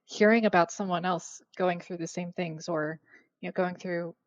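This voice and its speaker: A young adult woman guest on a podcast, talking in a reflective, hesitant way with many fillers and soft laughs. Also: lowish voice, fairly even intonation, moderate pace, no room sound. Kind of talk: casual conversation. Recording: dull lo-fi dry sound.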